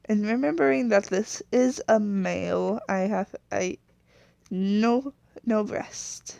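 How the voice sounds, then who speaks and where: A woman's voice: medium pitch, takes it slowly, creaky, mellow, no echo. A woman casually narrating as she designs a character, rambling, correcting herself and trailing off, sometimes apologetic. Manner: chatty and apologetic. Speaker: video creator.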